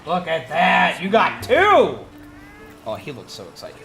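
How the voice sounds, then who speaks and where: A man's voice: on the high side, huge pitch swings, a little slow, gravelly, fairly bright tone. A man streaming a game in casual, goofy chat, who also talks to his pet bird. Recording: game music playing under the voice.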